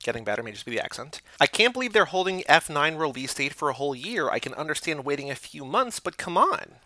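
A man co-hosting a casual podcast, reading listener emails aloud and adding quick asides. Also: a little high, very animated, pushed and bright, dry recording.

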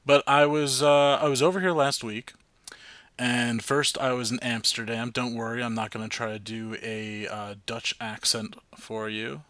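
A man's voice: medium pitch, level tone, moderate pace, a bit bright, no echo. Rambling, self-mocking male podcast host. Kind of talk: casual podcast chat.

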